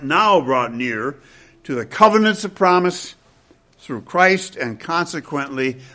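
An older man preaching an expository sermon to his congregation, emphatic and quick with wry asides. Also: mid-range voice, pushed and bright. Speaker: pastor.

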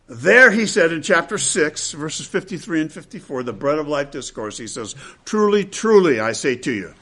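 A man preaching an expository sermon, repeating key phrases and swinging between loud, emphatic peaks and hushed, low passages.

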